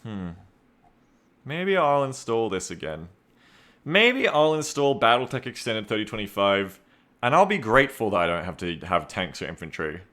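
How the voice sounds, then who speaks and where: A man talks loosely on his live stream in a bright, forward voice. He rambles, mocks himself and reads off viewer names one after another. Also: on the low side, sing-song, moderate pace. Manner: rambling, self-mocking, reads chat aloud. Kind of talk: casual live-stream chat.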